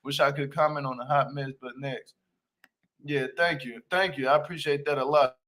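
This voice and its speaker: A man hosting a casual livestream review of a reality show, animated and slangy, laughing and talking straight to his viewers. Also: mid-range voice, normal speed, rough recording. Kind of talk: casual commentary.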